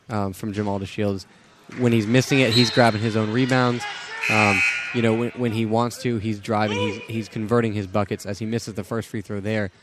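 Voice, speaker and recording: A man's voice: fairly low pitch, noisy background. A young man giving basketball color commentary, analytical and loose, with frequent ums and restarts.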